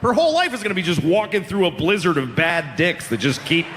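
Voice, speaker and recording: Man, 40s, stand-up comic, deadpan that swings to shouts, lively pitch, echoing hall with faint room noise. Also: brisk. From Boston. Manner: deadpan, building to loud acted-out bits. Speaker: stand-up comedian. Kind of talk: stand-up comedy set. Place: comedy venue on stage. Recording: reverberant live venue with faint ambience.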